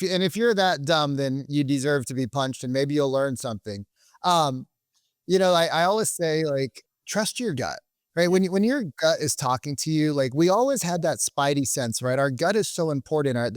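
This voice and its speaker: A man's voice: fairly high pitch, dry recording, clean studio sound. A man hosting a podcast in a casual, rambling way, full of restarts and loose swearing. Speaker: podcast host.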